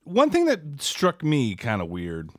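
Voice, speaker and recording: A man co-hosting a podcast, chatting about a film and dropping wry, deadpan quips. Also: medium pitch, a little slow, no room sound, clean studio sound. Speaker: podcast co-host. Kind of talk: casual film review chat.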